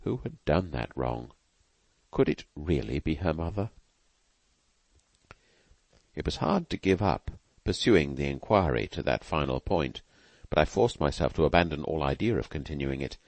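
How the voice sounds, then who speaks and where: A man narrating a classic novel as an audiobook in a measured, earnest reading. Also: very deep voice, sing-song, vocal fry, a little mellow, no room sound. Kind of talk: scripted narration.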